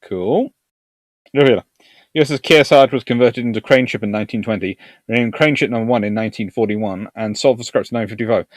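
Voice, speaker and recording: A man's voice: mid-range voice, quick pace, dry recording, studio quality. A man from Surrey with a southern English accent, hosting a history live stream and chatting casually through viewer comments. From Surrey, England. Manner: rambling, chatty, chuckling.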